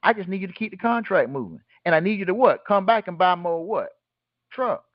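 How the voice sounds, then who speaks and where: A man's voice: high-pitched, expressive, a little fast, no echo, highs cut off. A man hosting a call and teaching in a casual, blunt way, throwing rhetorical questions at his listeners and answering them himself. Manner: blunt and colloquial. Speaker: host teaching a group call.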